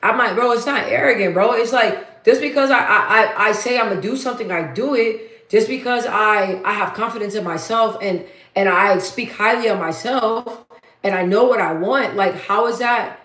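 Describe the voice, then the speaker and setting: A woman with a deep, bassy voice chatting casually as host of her livestream, blunt and matter-of-fact and repeating herself for emphasis. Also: moderate pace, fairly bright tone. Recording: roomy echo.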